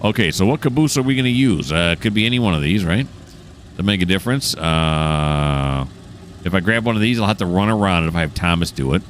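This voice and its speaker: Deep-voiced man chatting through a train game. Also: animated, a little fast. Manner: thinks aloud, chatty and self-mocking. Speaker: train simulator player. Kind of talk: casual gameplay commentary. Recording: game engine noise behind the voice.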